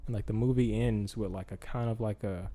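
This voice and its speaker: A man's voice: fairly low pitch, fairly even intonation, a little fast, mellow. A young man hosting a podcast, telling a movie idea in a rambling, casual way with lots of fillers and acted-out lines. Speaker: podcast host. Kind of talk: casual chat.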